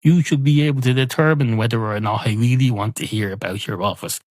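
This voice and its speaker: A man's voice: medium pitch, fairly quick, a little mellow, no room sound, voice pushed up, close to an everyday voice. An Irish man voicing a fussy, demanding male cat ordering a pint, in a pedantic, complaining comic storytelling manner.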